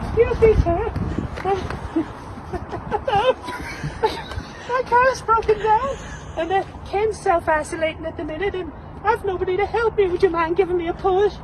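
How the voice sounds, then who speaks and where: A woman's voice: very high-pitched, normal speed, long pauses. A woman playing a fussy, overly polite lady asking a stranger to push her broken-down car, giggling as she goes. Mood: coaxing. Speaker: prankster posing as stranded driver. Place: outdoors on a city street. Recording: outdoor street recording with traffic noise. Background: street traffic and passersby.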